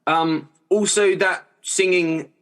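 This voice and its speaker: A man's voice: high-pitched, fairly even intonation, slow, a bit bright. A young man, a singer-songwriter talking casually as a podcast guest, rambling and laughing often with many restarts. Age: young adult.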